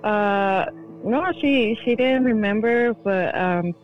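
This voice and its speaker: A woman's voice: medium pitch, takes it slowly, narrow, tinny audio, faint music behind. A woman guest on a podcast telling a story in casual chat, full of "like" fillers. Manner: chatty, heavy use of "like" fillers.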